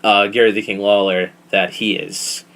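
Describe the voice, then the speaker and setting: A man hosting a casual podcast, recapping events in a rambling, profane, animated storytelling way. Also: lowish voice, normal speed. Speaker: podcast host recapping wrestling. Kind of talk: casual chat.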